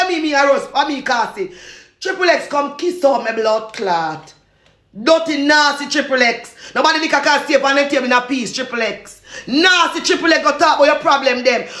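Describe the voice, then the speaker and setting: A Jamaican woman in a loud, repetitive, cursing rant, laughing between insults. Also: high voice, echoey room.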